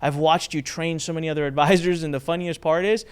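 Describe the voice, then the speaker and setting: A man hosting a casual chat, telling a story in an animated way, laughing often and restarting his sentences. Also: a little high, quick pace, clean tone. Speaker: host.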